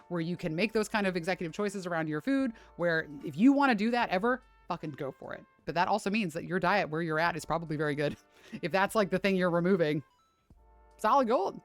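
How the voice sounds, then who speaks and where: A woman's voice: fairly low pitch, expressive, fairly quick, faint music behind. A woman fitness streamer chatting casually on a livestream, swearing freely and ranting with lots of "like".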